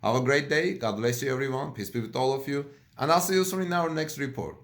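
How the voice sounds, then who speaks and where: A middle-aged man hosting a car news vlog, talking casually to camera and gently drawing out a guest with questions. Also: medium pitch, quick pace. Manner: gentle, encouraging, asks his daughter questions. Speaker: host of a car news channel.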